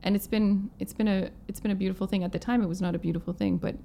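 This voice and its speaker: A guest musician from Manitoba, Canada, a violinist and singer, tells a story in a casual interview, acting out quoted lines in her own voice. She talks fast in a mid-range, steady, gravelly and warm voice, with slight background noise.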